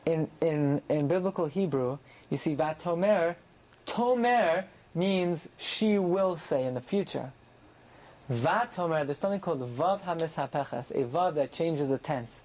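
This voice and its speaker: A man teaching a classroom Bible lesson, translating verse by verse and jumping up in pitch for emphasis. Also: unhurried, rough recording. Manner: animated, rises sharply in pitch for emphasis. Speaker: Torah teacher.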